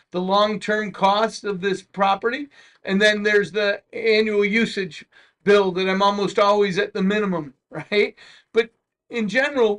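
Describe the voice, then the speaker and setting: A man's voice: high-pitched, a bit bright. A middle-aged man, a mayor, speaking at a public meeting in a rambling way, with many restarts and folksy asides.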